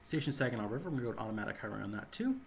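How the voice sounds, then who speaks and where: A hoarse man with a sore throat giving rambling gameplay commentary, correcting himself as he goes. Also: on the low side, expressive, rapid-fire, slight background noise. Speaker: game channel host.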